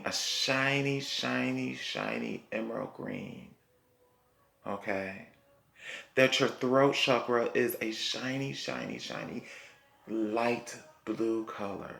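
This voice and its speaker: A man giving a spiritual tarot reading, speaking slowly and repeating himself, often checking in with "okay?". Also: mid-range voice, gravelly, pushed and bright. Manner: slow, repetitive, reassuring, punctuated by "okay?". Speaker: tarot reader.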